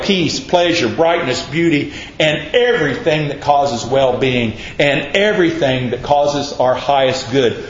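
A man's voice: mid-range voice, a little hiss or hum. Man preaching in an echoey room. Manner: earnest, emphatic preaching with repetition. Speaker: pastor. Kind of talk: sermon. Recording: echoey, dull lo-fi church recording.

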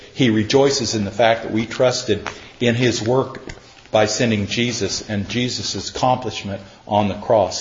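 A man's voice: on the low side, echoey room, lo-fi sound. An older man preaching a sermon in an emphatic, conversational way, acting out little asides and ending in prayer. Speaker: pastor.

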